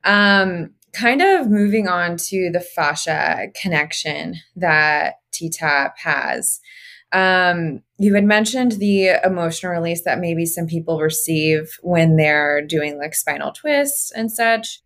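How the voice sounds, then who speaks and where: A woman's voice: lowish voice, animated, slow pace, a bit bright. Curious woman interview host. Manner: curious and encouraging. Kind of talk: casual interview questions.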